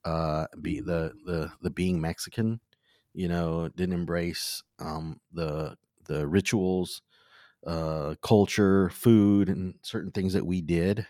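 A man hosting a podcast, talking in a casual, thoughtful way with many pauses and fillers. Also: low-pitched, steady tone, dark tone, no echo, clean studio sound. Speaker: podcast host. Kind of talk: casual conversation.

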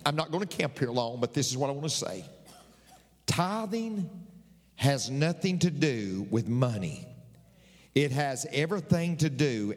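Older pastor preaching, slow and lively. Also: male voice, a little high. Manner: dramatic, repeats lines for emphasis. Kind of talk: sermon. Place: church sanctuary. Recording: large reverberant hall.

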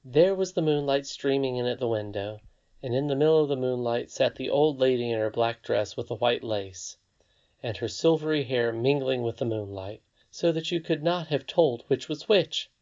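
A narrator reading a fairy tale aloud with a measured, expressive delivery. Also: medium pitch. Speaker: audiobook narrator. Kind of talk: storybook narration. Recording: slightly dull lo-fi recording.

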